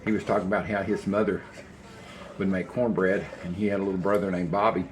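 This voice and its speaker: With a low voice that barely moves in pitch, an older cooking-channel host talks fast while making food in his kitchen at home. He rambles through homespun tales in this casual vlog, and the audio carries a slight hiss or hum.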